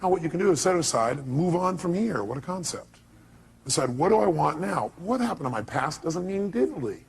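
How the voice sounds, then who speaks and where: Male motivational speaker, raspy, punchy rhetorical questions to the crowd; quick to cast. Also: on the high side, animated, poor audio. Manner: emphatic, fires off rhetorical questions. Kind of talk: motivational speech to a live audience.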